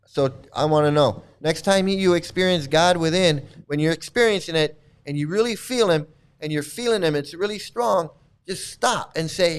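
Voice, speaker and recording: A man rants at his viewers with angry, mocking sarcasm, circling back over the same phrases and stuttering through restarts. His voice is smooth and clear and sits a bit high for a man. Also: normal speed. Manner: repetitive, stammering restarts. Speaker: commentary video host. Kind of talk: ranting commentary to viewers.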